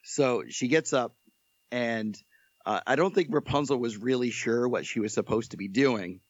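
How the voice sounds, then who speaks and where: A man of middling pitch tells a story in a casual, joking, animated way. The sound is dry and a bit dull. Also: normal speed, no room sound. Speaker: podcast guest.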